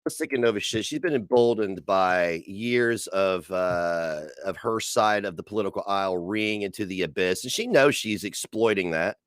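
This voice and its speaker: A man's voice: lowish voice, normal speed, hardly any pauses, a bit bright, clean tone, no room sound, clean studio sound. A man streaming from home, ranting angrily and sarcastically with heavy profanity while reacting to posts on screen. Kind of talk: angry commentary rant.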